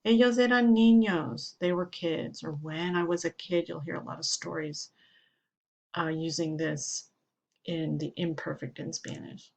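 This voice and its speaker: A woman's voice: fairly low pitch, unhurried, creaky. A woman Spanish teacher giving a grammar lesson, explaining steadily and following each example sentence with its translation.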